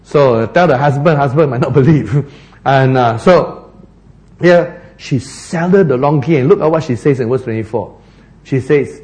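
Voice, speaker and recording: A man's voice: mid-range voice, expressive, moderate pace, a little mellow. A man preaching a sermon, telling the story with animation, laughing often and acting out the characters.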